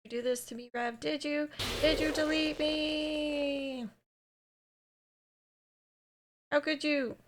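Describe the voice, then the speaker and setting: A woman's voice: high voice, steady tone, measured pace, background noise, voice pushed up. A woman reading out the lines of a heartbroken, betrayed young woman from a game, pleading and then bitterly accusing.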